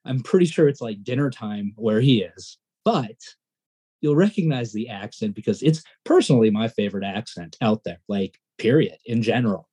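A male podcast co-host with a mellow, slightly husky voice talks in loose, casual banter. He rambles and gets excitable, and his pitch climbs when he's fired up. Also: moderate pace.

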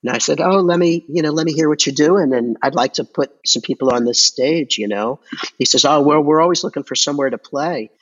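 Record store owner, male guest, halting rambling chat, dull lo-fi audio. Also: a little high, slightly rough. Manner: rambling, halting with many restarts and fillers. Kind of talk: casual conversation.

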